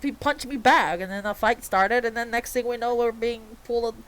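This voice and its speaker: A woman's voice: a little high, steady tone, moderate pace, a bit bright, close to an everyday voice, low-quality recording. A woman voicing an angry young male wizard student who rambles indignantly.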